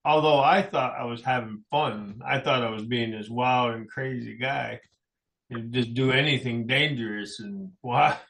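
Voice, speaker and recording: A man's voice: medium pitch, a little slow, creaky, fairly bright tone. A middle-aged man, a musician guest in a radio studio, tells personal stories in a rambling, anecdotal way with frequent chuckles. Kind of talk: personal storytelling in a radio interview.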